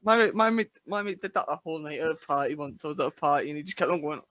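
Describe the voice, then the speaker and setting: A man's voice: on the high side, racing, pushed and bright, dry recording. A young man co-hosting a podcast in casual chat, with dry joking remarks, close to the mic. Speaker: podcast co-host.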